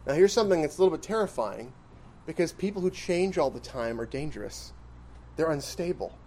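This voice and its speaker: A man's voice: a little high, lively intonation, a little fast, mellow. A man preaching an expository sermon in a conversational style, questioning his listeners and pressing points with emphatic rises. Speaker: pastor.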